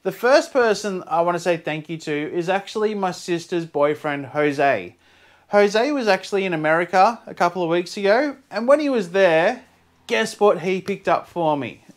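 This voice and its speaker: An Australian man, excitable and quick to laugh, chatting casually to camera as a fluid art vlogger. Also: sits high. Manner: excitable, laughs often, bursts into shouts.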